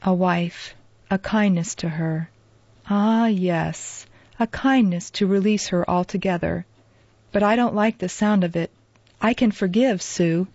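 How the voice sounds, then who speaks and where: Woman doing sick sad older guy, murmury and husky, dull dry lo-fi sound. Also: fairly low pitch, measured pace, a little mellow, no room sound. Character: ailing middle-aged man, sad and forgiving.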